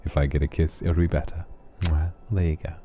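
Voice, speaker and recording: A man streamer reading out viewer donation messages in a sleepy ASMR style, soft, affectionate and relaxed, close to the microphone. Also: rumbling low, fast, slight background noise.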